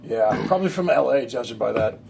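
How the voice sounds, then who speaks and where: A man's voice: mid-range voice, lively intonation, a little fast, creaky. Man playing a cheeky sarcastic teen. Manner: sarcastic, joking. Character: snarky, cheeky teenage boy. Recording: noisy background.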